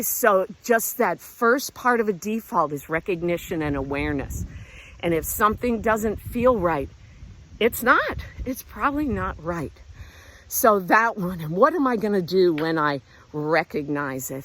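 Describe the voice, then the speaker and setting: A middle-aged woman talks in a casual, encouraging way as she walks outdoors, her pitch rising and falling freely. She is a little out of breath from the walk. Crickets chirp faintly behind her. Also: a bit bright. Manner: encouraging, conversational, breathing hard while hiking. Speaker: vlog host and self-help speaker. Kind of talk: casual talk while walking outdoors. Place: outdoors walking around a lake.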